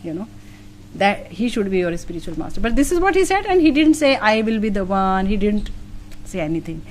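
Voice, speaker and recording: A middle-aged woman with an Indian accent, a spiritual teacher answering interview questions in an earnest, emotional way, with soft laughs and many fillers. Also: medium pitch, sing-song, brisk, slight background noise.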